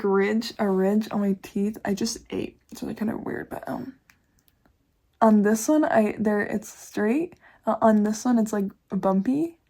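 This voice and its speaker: A woman's voice: a little high, a little mellow. A young woman talking candidly in a casual confessional vlog, chatty and full of swearing and laughter. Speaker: YouTuber.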